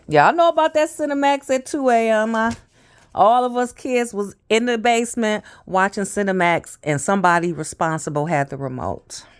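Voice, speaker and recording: A woman's voice: medium pitch, clean tone. A woman in her fifties telling stories in a casual, rambling monologue, often trailing off with fillers. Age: 50s. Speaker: vlogger.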